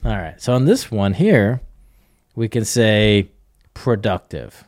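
Man, middle-aged, casual podcast talk, animated, fairly low voice, dry close sound. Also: slow, no echo. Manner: animated, acts out dialogue, chuckles often.

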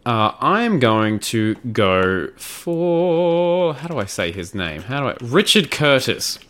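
A man's voice: mid-range voice, sing-song, takes it slowly, a bit bright. A man co-hosting a fan podcast, rambling enthusiastically with lots of fillers. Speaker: podcast co-host. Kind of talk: casual chat.

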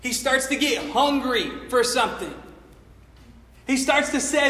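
A man with a very high, bright voice preaches in a relaxed, slangy style. He acts out quoted lines as he tells the story. The sound is roomy, with a long echo from a large church hall. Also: measured pace, long pauses. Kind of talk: sermon. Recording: echoey hall with long reverb.

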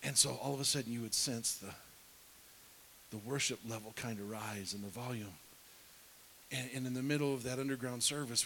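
A man's voice: medium pitch, a little fast, pauses often, a bit bright, rough recording. A middle-aged man preaching, telling a story with animation and dropping to a whisper to act out scenes. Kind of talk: sermon storytelling. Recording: faint hiss.

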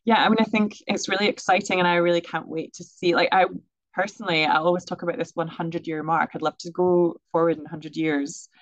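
Chatty quick-talking woman, dry sound. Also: on the low side, fairly even intonation, no echo, lo-fi sound. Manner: chatty, quick, many fillers and laughs. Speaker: sex educator, guest. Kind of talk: casual podcast interview.

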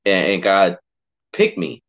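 A man's voice: deep voice, big pitch swings, takes it slowly, gravelly, fairly bright tone. A man sharing his faith testimony in a casual podcast chat, heartfelt and emotional, often saying bro and man. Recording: muffled lo-fi audio.

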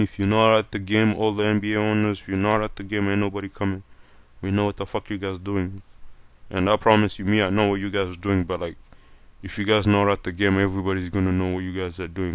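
Low, flat-voiced young man ranting. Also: quick pace, smooth, dry recording. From Canada. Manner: blunt, profane, repeats "like" and "fam". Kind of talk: casual opinion rant.

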